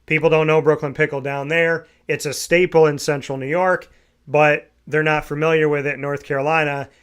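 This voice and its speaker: A man hosting a morning sports talk show, his voice pitched a little high. He talks quickly and eagerly, and runs through sponsor plugs with energy. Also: little pitch movement, a bit bright, clean tone. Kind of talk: casual morning show chat.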